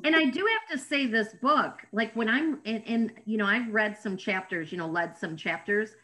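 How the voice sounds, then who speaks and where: A woman's voice: fairly high pitch, normal speed, bright, forceful tone. A woman in a casual group chat, asking questions and restarting her sentences. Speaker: book club member.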